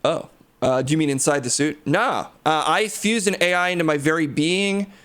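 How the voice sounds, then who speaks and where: Brash undead billionaire hero, a man puts him on, cocky and crude, pitched a little high. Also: normal speed, a bit bright, lightly acted. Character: brash reanimated male superhero tech genius, boastful. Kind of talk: improvised comedy impression.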